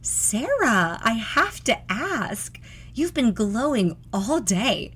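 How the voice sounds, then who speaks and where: A woman voicing an excited, eager female coworker. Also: a little high, slow, slightly rough, voice pushed up, heavily acted.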